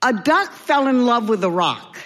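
A woman, an actor, reading a story aloud in a slow, gentle and expressive way. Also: a little high, big-room sound.

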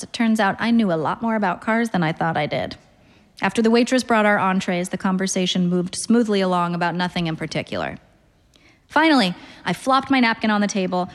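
A woman's voice: medium pitch, long reverb tail. A woman reading first-person literary fiction aloud in a wry, understated way. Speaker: narrator.

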